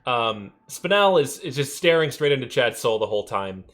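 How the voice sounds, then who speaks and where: Hesitant game master narrating. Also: male voice, mid-range voice, sing-song, moderate pace, a bit bright. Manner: hesitant, many ums and uhs.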